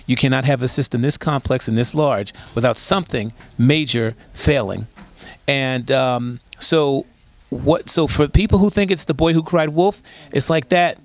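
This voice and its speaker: A disaster preparedness expert appears as a guest in a conversational interview, telling stories emphatically and asking rhetorical questions. His voice is medium-pitched and moderately paced.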